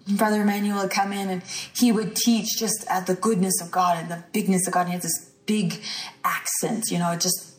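A woman's voice: mid-range voice, far from the mic. A woman teaching a sermon-style lesson with emphatic, declarative delivery. She leans on repeated phrases, and her voice carries through a roomy, echoing space. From rural ranch country. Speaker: teacher at a healing school.

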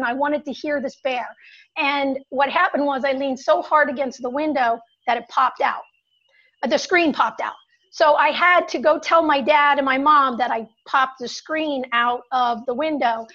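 High-voiced woman telling a story, animated, sound a bit dull and lo-fi. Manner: animated, builds suspense, shouts when acting out panic. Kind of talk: personal storytelling.

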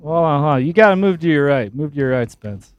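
A man on a live podcast, giving quick practical remarks in casual banter. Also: on the high side, expressive, clean tone, no room sound.

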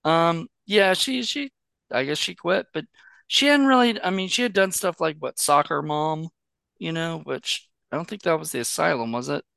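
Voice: medium pitch, normal speed, creaky, sharp tone, smooth, dry recording. A podcast co-host chatting casually about a movie, rambling with many fillers and restarts. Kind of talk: casual movie-review chat.

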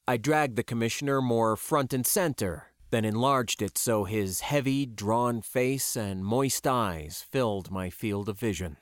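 A man narrating a science-fiction audiobook in a measured, even storytelling voice. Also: mid-range voice, dry recording, clean studio sound.

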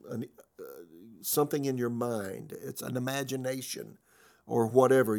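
A man's voice: mid-range voice, vocal fry, a little mellow. A man pastor teaching in a conversational sermon style, telling a personal story with many fillers and restarts.

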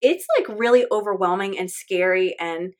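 A woman's voice: medium pitch, moderate pace. A woman hosting a faith podcast, talking in an earnest, candid and chatty way with lots of fillers. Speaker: podcast host.

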